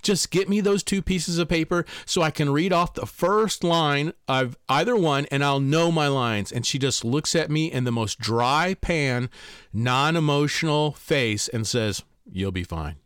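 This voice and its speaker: A man speaking as a life coach, telling a personal story in an animated, emphatic way. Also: measured pace, clean tone, dry recording, studio quality. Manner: animated and emphatic, pitch leaps on key words.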